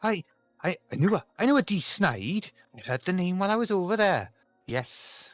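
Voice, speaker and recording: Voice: mid-range voice, sing-song, moderate pace, no room sound, faint music behind, voice pushed up, close to an everyday voice. A game master voicing a chatty, unsure man just home from a holiday in Norway, with a put-on Welsh accent, in a tabletop role-play. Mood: rambling. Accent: attempted Welsh. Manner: rambling, unsure.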